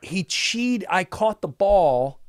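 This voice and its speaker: A male comedian telling a story in an animated, profane way, acting out the other people's voices. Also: high voice, takes it slowly, no echo, clean studio sound. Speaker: comedian guest.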